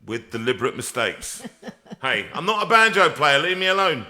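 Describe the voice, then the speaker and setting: Speaking at a normal pace in a slightly high, very lively voice, this singer and host runs a relaxed live stream from a music room with a piano in the background. His joking is loose and pun-filled, and he keeps circling back to restart his thoughts.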